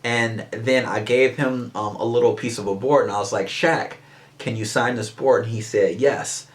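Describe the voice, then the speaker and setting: A man's voice: medium pitch, fairly even intonation, normal speed. A man who is a memorabilia artist and show host, telling stories in an eager, rambling way full of restarts. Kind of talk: casual interview storytelling.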